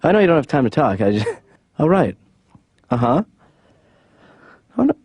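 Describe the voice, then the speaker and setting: A drifting young slacker son in a cartoon. He mumbles his lines flat and dry, every remark sounds half sarcastic, and the voice sits at an ordinary middle pitch. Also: normal speed, husky, dry recording. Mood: offhand. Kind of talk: cartoon voice acting.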